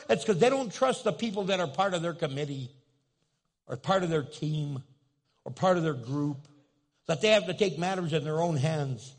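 A man's voice: fairly high pitch, moderate pace. A man preaching a sermon in a church, telling a story with humor and asking his listeners questions. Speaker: pastor.

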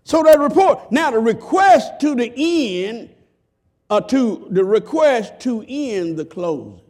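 A pastor preaches a sermon slowly and very animatedly, in a folksy, emphatic way. He swings between shouts and low murmurs and acts out quoted voices in a high pitch.

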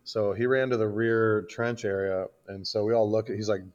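A man's voice: fairly low pitch, level tone, normal speed, a little mellow, lo-fi sound. A man from Iowa, a combat veteran guest, bluntly telling a war story in casual, profane podcast talk. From Iowa, United States.

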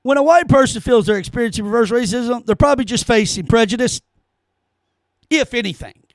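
A man's voice: very high voice, animated, a little fast, no echo. Heated, stammering man ranting in a dry room. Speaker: podcast host. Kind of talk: solo commentary podcast.

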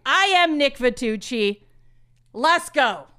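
A woman's voice: high-pitched, animated, takes it slowly, sharp tone, full character voice. A woman doing a rambling, bragging male show host. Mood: rambling bluster. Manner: rambling, repetitive, mock sponsor plugs. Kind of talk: comedic impression sketch.

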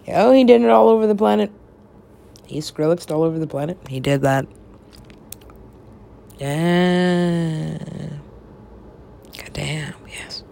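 A woman's voice: fairly low pitch, a little mellow. A young woman in casual chat with friends, rambling, laughing often and swearing freely.

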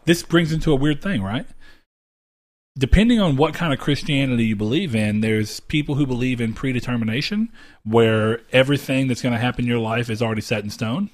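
A man's voice: mid-range voice, fairly quick. A man hosting a podcast, chatting casually with friends in a joking, rambling, profane way. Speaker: podcast host. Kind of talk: casual chat.

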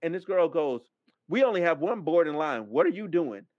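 A man hosting a podcast, telling a story as a casual rant, animated and profane, acting out the other people's lines. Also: on the high side, moderate pace, no echo. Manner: animated, profane, acts out quoted dialogue. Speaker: podcast host. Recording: dull, dry lo-fi mic sound.

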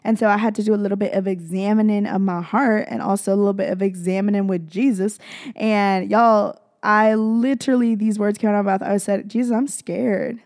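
A woman's voice: medium pitch, steady tone, brisk, a little mellow, dry recording, clean studio sound. A young woman hosting a podcast, chatting in a gushing, rambling way full of "like" and "freaking". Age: young adult. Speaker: podcast host. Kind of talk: casual confessional chat.

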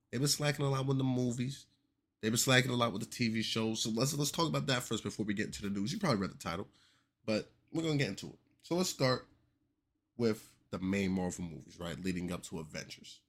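A young man hosting a casual commentary podcast, animated and joking with exaggerated reactions. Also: medium pitch, fairly quick. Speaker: podcast host.

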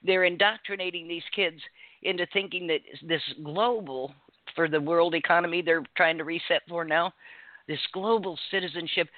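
A woman's voice: lowish voice, normal speed, no room sound. An older woman, a grandmother, telling a story in an indignant, emphatic way during casual phone talk. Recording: tinny dry phone line.

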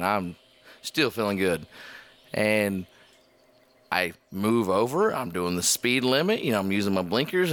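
Man, podcast host, bright lively storyteller, swears freely, voices the cops himself. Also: fairly low pitch. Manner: laughing, swearing, acts out the cops' lines. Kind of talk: casual storytelling among friends.

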